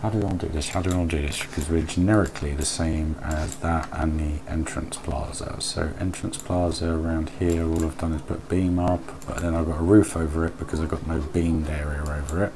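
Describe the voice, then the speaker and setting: Male streamer, deep voice, easygoing chat with viewers, thinks aloud, faint background noise. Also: steady tone, fairly quick, few pauses. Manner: chatty, reads and answers chat aloud, mutters while working. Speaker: live streamer. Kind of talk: casual live-stream chat while building in a game.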